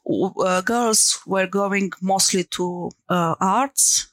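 A woman's voice: medium pitch, slow pace, fairly bright tone, no echo. A middle-aged woman from Romania with a Romanian accent, talking hesitantly as an interview guest, with many fillers and laughs. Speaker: guest, entrepreneur. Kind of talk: conversational interview.

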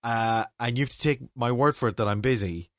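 A man's voice: medium pitch, a little fast, no room sound. Irish man telling a story, dry sound. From Ireland (County Mayo). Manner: storytelling, laughs often, bursts into shouting. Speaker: podcast co-host. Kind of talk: casual chat.

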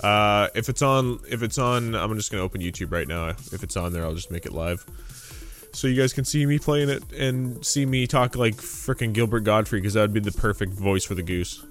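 A man with a lowish voice rambles through a loose gaming podcast chat, dropping swear words and laughing along the way. Faint music hums behind him. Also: normal speed. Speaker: podcast host. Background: faint game audio and music.

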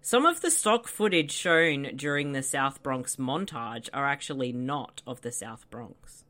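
A woman's voice: extremely low pitch, animated, measured pace, a bit bright. A woman co-hosting a podcast, joking and chatting casually about a movie. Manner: playful, teasing quips, laughs often. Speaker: podcast co-host. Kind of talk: casual movie commentary chat.

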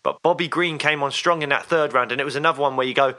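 Fast-talking and forceful, this man has a bright, mid-range voice as he co-hosts a fan podcast. In a casual, chatty exchange, he eagerly discusses the fights coming up.

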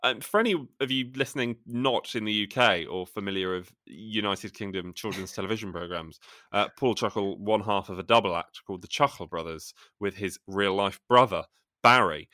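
A man's voice: lowish voice, moderate pace, bright, forceful tone, no echo, studio quality. A man co-hosting a podcast, making wry, joking asides. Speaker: podcast co-host. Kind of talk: casual podcast chat.

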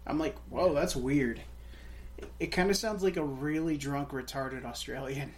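A man's voice: a little high, moderate pace, a little hiss or hum. A man co-hosting a casual film podcast, rambling through crude jokes. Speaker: podcast co-host. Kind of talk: casual comedic film chat.

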